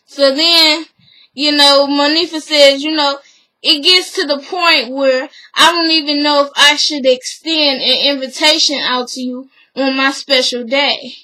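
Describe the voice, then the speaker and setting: Brief: a woman vlogger with a high, bright voice, talking through a show recap in a chatty, opinionated, gossipy way. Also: steady tone, measured pace, rough recording. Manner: chatty, opinionated, full of "you know" fillers.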